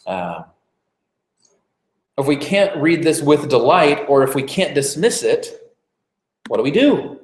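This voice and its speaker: A man's voice: on the high side, big pitch swings, a little slow, darkish tone. A man delivering a conversational sermon as pastor, informal, with frequent fillers and restarts. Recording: roomy, echoey church room.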